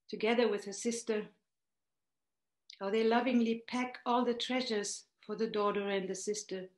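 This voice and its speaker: A woman tells a personal story in a slow, heartfelt way, taking her time over every image. Her mid-range voice rings in a roomy echo. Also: mid-range voice. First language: German. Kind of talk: reading a personal story aloud.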